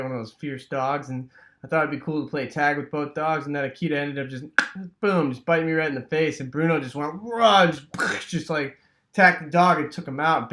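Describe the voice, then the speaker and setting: A man with a fairly high voice from Wisconsin, telling a childhood story in a loose, rambling way. He leans on fillers and throws in sound effects like "boom" as he goes. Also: a bit bright. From Wisconsin, USA. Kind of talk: casual personal storytelling.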